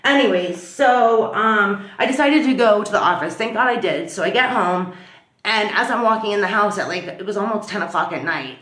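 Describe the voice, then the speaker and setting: A woman vlogger telling a story in a chatty, animated way, full of fillers. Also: mid-range voice, normal speed, roomy sound. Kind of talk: casual storytelling to camera. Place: at home.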